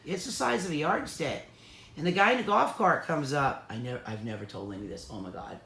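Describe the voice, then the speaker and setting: A woman co-hosting an online sale, telling animated stories with a lot of laughter. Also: low-pitched, brisk, vocal fry. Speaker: co-host selling magical items. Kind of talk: casual storytelling chat. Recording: echoey room.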